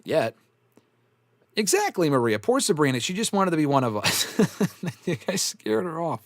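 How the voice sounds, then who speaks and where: Guy rambling on a live stream, laughs a lot, cusses, voice jumps all over, kinda high, dry close mic. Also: normal speed, no room sound. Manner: swears often, laughs a lot, animated and rambling. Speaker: host answering live chat. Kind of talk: casual live-stream chat.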